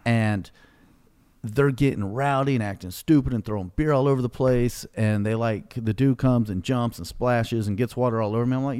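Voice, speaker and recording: Middle-aged guy, podcast host, mellow voice, swears a lot while telling a story, dry close sound. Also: medium pitch, normal speed, clear, resonant tone, dry recording. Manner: blunt, profane, animated retelling. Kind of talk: casual storytelling.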